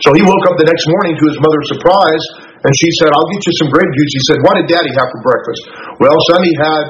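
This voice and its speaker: A man retelling a story on a radio talk show in a folksy way, quoting each person's dialogue as he goes. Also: fairly high pitch. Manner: rapid, folksy retelling full of quoted dialogue. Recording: echoey, dull radio recording with noise.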